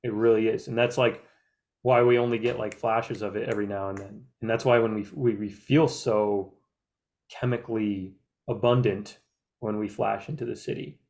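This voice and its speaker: A man's voice: on the low side, fairly even intonation, normal speed, gravelly, darkish tone. Man, casual chat, reflective, meandering, filler-heavy. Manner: meandering, many filler likes; earnest, reflective. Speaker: group discussion member.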